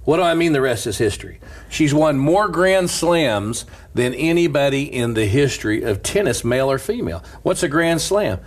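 A middle-aged man, a pastor, telling a story in animated casual chat and laughing often. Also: medium pitch, normal speed.

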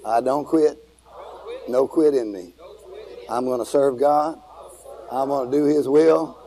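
A man preaching a fiery revival sermon to a congregation, shouting and calling for responses. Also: medium pitch, steady tone, a little slow, poor audio. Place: church with congregation.

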